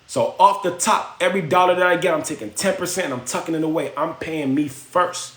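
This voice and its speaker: A man's voice: a little high, a little fast, fairly bright tone, pitched above the performer's own voice, close to an everyday voice. A man voicing a wise older man who lectures a young scribe about saving money, in an emphatic, slangy way. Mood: lecturing. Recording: roomy echo.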